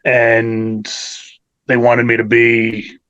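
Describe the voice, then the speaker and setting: A man's voice: mid-range voice, monotone, extremely slow, fairly bright tone, dull audio. A man in his thirties from New York, a wrestler guest talking casually in an interview, rambling and enthusiastic with many fillers.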